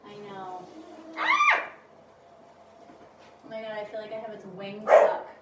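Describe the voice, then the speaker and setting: A woman's voice: mid-range voice, little pitch movement, a little fast. A woman vlogging casually at home, talking to herself and coaxing an insect, jittery and swearing as she frets. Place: home indoors near a window. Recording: echoey room, distant mic, background noise.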